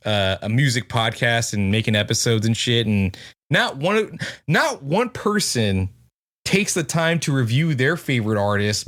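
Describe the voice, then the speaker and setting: A male podcast co-host with a plain mid-range voice who rants and curses freely in casual conversation. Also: medium pitch. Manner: ranting, swearing. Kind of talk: casual chat.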